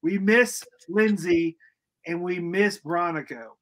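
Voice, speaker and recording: A man's voice: high-pitched, slow pace, a bit bright. A man co-hosting a casual football fan show, joking around with slangy banter. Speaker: co-host.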